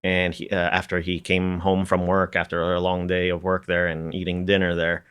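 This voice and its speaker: A middle-aged man from the Philadelphia area, a piano educator, reminiscing as a podcast guest with many fillers and soft chuckles. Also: deep voice, completely flat delivery, normal speed, clean tone. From Philadelphia area, United States. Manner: rambling, many fillers, tags sentences with "there"; chuckles through his stories. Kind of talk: casual reminiscing conversation.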